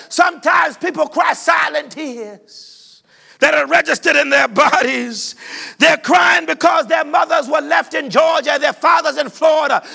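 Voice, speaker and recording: A man preaching a sermon, shouting in a sing-song cadence. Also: extremely high pitch, gravelly. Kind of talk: whooping sermon.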